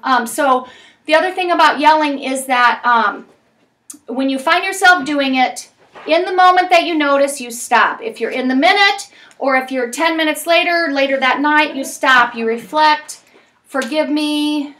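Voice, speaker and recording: A woman's voice: high-pitched, moderate pace, a bit bright, distant mic. A woman leading a parenting class for people in recovery, talking frankly and emphatically with many tag questions. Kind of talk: recovery group lesson. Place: meeting room with group.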